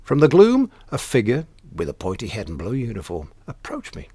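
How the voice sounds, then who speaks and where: A man narrating a comic first-person tale in dry, deadpan, mock-grand wording. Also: on the low side, normal speed, breathy edge, no room sound. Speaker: storyteller.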